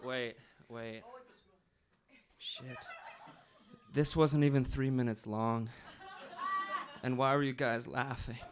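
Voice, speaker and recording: A man performing a comic slam poem on stage, theatrical, swinging from breathy whispers to shouts. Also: medium pitch, fairly even intonation, slow, long pauses, a crowd in the background. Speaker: slam poet.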